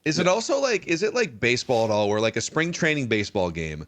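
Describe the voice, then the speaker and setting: Curious podcast host asking questions. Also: male voice, mid-range voice, very animated, fast. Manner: curious, asks long questions with baseball comparisons. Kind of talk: casual sports podcast chat.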